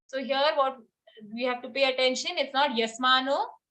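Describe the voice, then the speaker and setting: Female recitation teacher, high bright tone, patient syllable-by-syllable drilling. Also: steady tone. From India. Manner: breaks words into syllables, repeats slowly. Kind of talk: pronunciation lesson with chanted verses.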